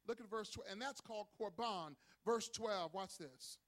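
Man, pastor, high-pitched; dramatic sermon delivery with calls for congregation response, in a church. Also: animated, moderate pace, hardly any pauses, fairly bright tone. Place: church sanctuary.

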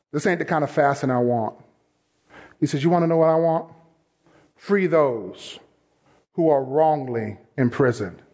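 A man preaching a sermon, mixing scripture reading with direct, emphatic exhortation that swells into shouts. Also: fairly high pitch. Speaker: pastor.

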